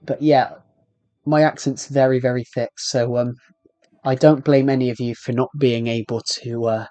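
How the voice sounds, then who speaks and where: A man's voice: mid-range voice, fairly even intonation, normal speed, dark tone, soft background music. A man with a British accent chats loosely to his viewers on a long game livestream, drifting between comments and muttering to himself about what he's doing. His voice sits in a middle range. The sound is dry and close, with no room echo. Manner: rambling, chatty, talks to himself while playing. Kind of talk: casual gameplay livestream chat.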